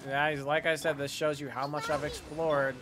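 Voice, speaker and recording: A man's voice: a little high, level tone, normal speed, music in the background. A man streaming a game, giving sarcastic, ranting, joking commentary. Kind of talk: gameplay commentary.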